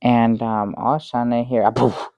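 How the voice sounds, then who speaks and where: An actor playing a bumbling middle-aged guest who rambles through a tall tale with many restarts, in improvised sketch comedy. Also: male voice, mid-range voice, flat delivery, fairly quick, warm tone, dry recording, close to an everyday voice. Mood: dry, halting. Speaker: guest on a comedy talk show.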